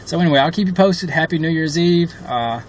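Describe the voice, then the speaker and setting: A middle-aged man talking straight to his viewers in a personal vlog, impassioned and frustrated, often pausing on fillers. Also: a little high, slight background noise. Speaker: vlogger advocating for his mother. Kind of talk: direct-to-camera personal vlog.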